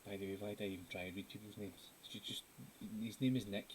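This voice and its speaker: Chatty and giggly, a fast-talking Scottish man runs a laid-back live stream while he draws, jumping from one topic to the next. His voice is fairly low and steady in tone, and the rough recording has a faint hiss.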